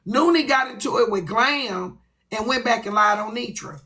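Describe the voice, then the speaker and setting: A woman's voice: on the high side, normal speed, sharp tone, rough recording. Blunt, profane woman ranting on a livestream. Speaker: livestream host. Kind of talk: ranting live stream.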